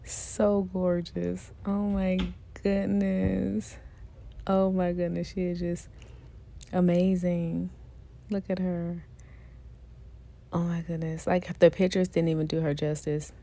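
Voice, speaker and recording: A woman chatting excitedly to viewers as she unboxes a doll, gushing and repeating her praise, with features. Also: lowish voice, takes it slowly, creaky, long pauses, slight background noise. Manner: gushing, repeats herself, talks to viewers directly.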